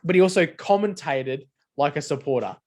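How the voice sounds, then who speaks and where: A man's voice: a little high, expressive, fairly quick, a little mellow. A man co-hosting a casual podcast chat, rambling and sweary with lots of filler words. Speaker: podcast co-host. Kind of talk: casual chat over beers.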